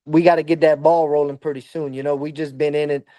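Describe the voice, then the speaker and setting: A man from Louisiana, a boxing coach, talking in a halting, filler-heavy way as a podcast guest. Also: on the high side, little pitch movement, mellow, no echo. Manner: halting, lots of fillers and restarts. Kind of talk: casual interview talk.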